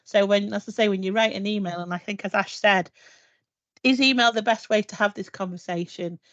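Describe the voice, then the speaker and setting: A woman's voice: medium pitch, a little fast, fairly bright tone, no echo. A woman on a panel video call who explains a point patiently and repeats an example sentence with changing stress. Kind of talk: casual video-call discussion. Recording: dull lo-fi video-call audio.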